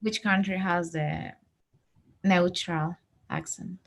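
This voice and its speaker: A woman's voice: lowish voice, steady tone, takes it slowly, vocal fry. A woman student with Spanish as her first language, giving short, hesitant answers in an English lesson.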